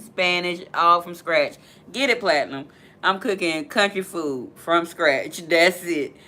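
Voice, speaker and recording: A chatty woman hosting a live stream from her laptop, with a bright, forceful voice. She chats casually through viewer comments and laughs often. Her pitch leaps high when something tickles her.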